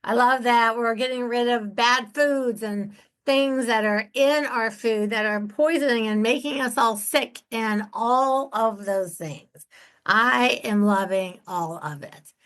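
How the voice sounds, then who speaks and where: A woman's voice: a little high, takes it slowly, a bit bright. A woman hosting her own real estate investing podcast from home, talking in a candid, chatty and enthusiastic way. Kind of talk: casual solo podcast talk.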